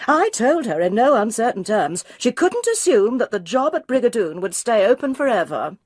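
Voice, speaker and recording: An indignant, curt lady who brushes requests aside, put on by a woman reading a story. Her voice sits high and husky. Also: very animated, moderate pace, a little mellow, no room sound, studio quality.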